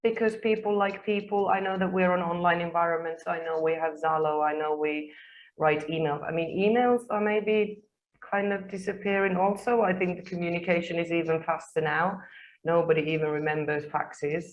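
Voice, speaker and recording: A woman's voice: fairly low pitch, flat delivery, normal speed, highs cut off. A native English-speaking woman answering as a panelist in a webinar, speaking emphatically with frequent ums.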